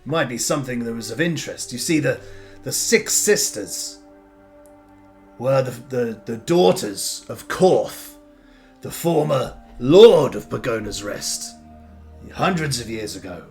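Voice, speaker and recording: A man's voice: medium pitch, animated, unhurried, gravelly, a little mellow, faint music behind. A man voicing a weary, patient caravan leader telling a tale. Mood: storytelling.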